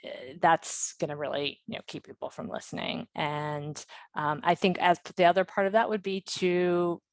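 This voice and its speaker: A woman's voice: on the low side, level tone, moderate pace, no room sound. A woman guest on a podcast interview, talking casually with lots of fillers and restarts. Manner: chatty, many fillers and restarts, light laughs.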